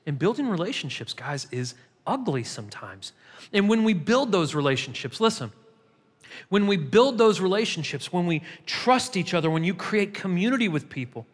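A man's voice: high voice, very animated, moderate pace. A man pastor preaching a sermon in a church, emphatic and repetitive, building in intensity. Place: church sanctuary. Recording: long hall reverb.

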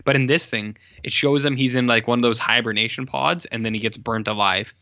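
A man chats loosely on a podcast, his voice bright and forward, circling back with fillers and corrections as he goes. The recording is dry and close, with a slightly dull, lo-fi sound. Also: medium pitch, fairly even intonation, brisk, dry recording. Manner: rambling, lots of "like" fillers and self-corrections. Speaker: podcast co-host reviewing films. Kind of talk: casual chat.

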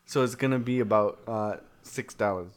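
A man's voice: fairly low pitch, normal speed, lightly acted. A man playing a shifty, bumbling word salesman who rambles through his sales patter and keeps losing count. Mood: fumbling. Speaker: improv performer. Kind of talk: improvised comedy sketch.

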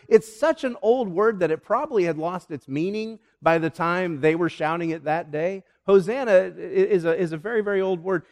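A man preaching a sermon as a pastor, with animated delivery that swings from loud calls to hushed lines. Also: fairly high pitch. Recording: long hall reverb.

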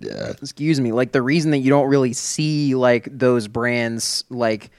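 A man's voice: mid-range voice, sing-song, a little slow, dry recording, studio quality. A man in casual podcast chat who rambles, filling his talk with "like" and curse words. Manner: rambling, full of "like" and swearing. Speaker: podcast co-host.

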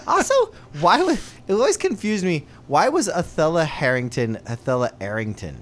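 A man's voice: high voice, wildly swooping pitch, normal speed, a bit bright, a little hiss or hum. A man co-hosting a casual sports podcast, joking and swearing as he talks. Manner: profane, jokey, puts on voices in quotes. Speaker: podcast co-host.

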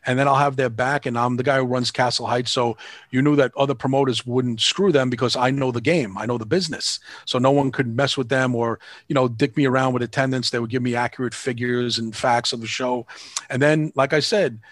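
A man's voice: medium pitch, fairly even intonation, fairly quick, no echo, studio quality. A man, telling stories in a casual interview in a rambling, frank and profane way, acting out the people he quotes. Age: 50s. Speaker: band manager and promoter.

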